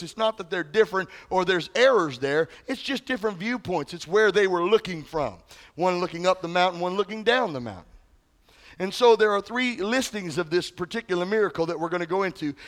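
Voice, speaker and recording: A man's voice: sits high, a bit bright. A male pastor preaching a sermon in a conversational way, often asking the congregation questions.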